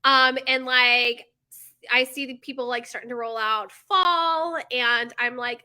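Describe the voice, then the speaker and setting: High bright chatty woman. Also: a little slow, smooth. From United States. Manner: chatty and animated, full of fillers and tangents. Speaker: bakery owner. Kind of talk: casual chat to camera.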